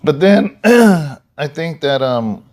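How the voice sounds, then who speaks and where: A man's voice: on the high side, very animated, very slow, a little mellow. A man who is a pastor, chatting casually with his wife and cutting in with short remarks. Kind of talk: casual chat.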